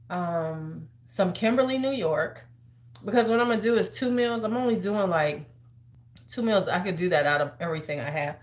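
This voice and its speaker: A woman in her fifties hosting a casual livestream from home, chatty and sassy, handing out advice like a big sister. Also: medium pitch. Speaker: host. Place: large room at home. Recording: roomy echo.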